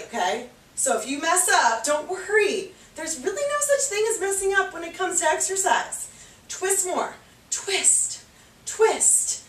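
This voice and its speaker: An upbeat woman fitness instructor counts down reps and cheers on her class, a little out of breath from exercising along. Her voice is high and her delivery is unhurried. She sounds set back from the mic in an echoey room. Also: fairly bright tone, distant mic.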